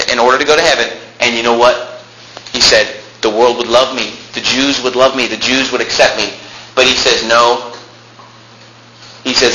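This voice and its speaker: A man preaching a sermon, swinging into loud, high bursts and stretching out key lines. His voice is bright and sharp. It rings in an echoey church room with a faint hiss behind it. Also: fairly even intonation, a little fast. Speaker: pastor.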